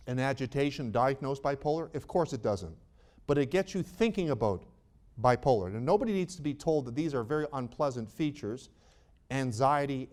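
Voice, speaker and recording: A man's voice: medium pitch, darkish tone. A middle-aged man, giving a conversational medical conference lecture as a psychiatrist, with rhetorical questions and wry jokes for the audience. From Canada.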